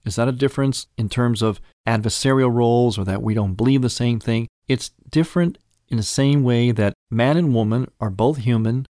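A male priest hosts a program and walks listeners through common questions in a calm teaching manner. His voice sits at an ordinary pitch, and the recording is close and dry with no room sound. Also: no echo. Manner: explanatory, measured, patient. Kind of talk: teaching talk on a religious program.

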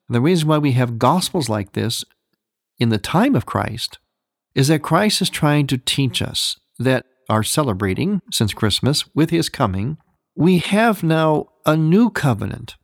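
A man's voice: medium pitch, no room sound. Man explaining liturgy on radio, dry sound. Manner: explanatory, reflective, gently emphatic. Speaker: radio program host teaching on Byzantine Catholic liturgy. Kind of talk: radio teaching talk.

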